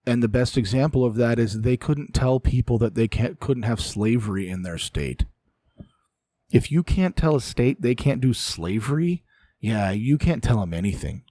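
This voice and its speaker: A man's voice: mid-range voice, lively intonation, normal speed, dark tone, dry recording. A man hosting solo political commentary, ranting in an exasperated way and sighing often.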